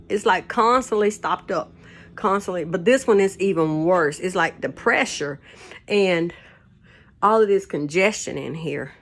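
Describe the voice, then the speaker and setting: An older woman, chatting casually to camera from her home kitchen, rambling and laughing often as she tells stories. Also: mid-range voice. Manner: rambling, laughs often, folksy Southern turns of phrase. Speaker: vlogger.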